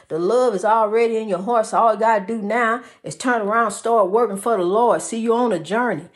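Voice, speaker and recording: A woman's voice: fairly high pitch, a little fast. Preachy woman calling everyone honey. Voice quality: sing-song, calls listeners honey, repeats phrases. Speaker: inspirational speaker. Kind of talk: preachy motivational monologue.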